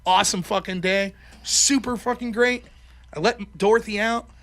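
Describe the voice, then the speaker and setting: Bright, high-voiced, profane male host. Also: normal speed. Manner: profane, animated storyteller; acts out quoted voices. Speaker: call-in show host. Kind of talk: casual call-in chat.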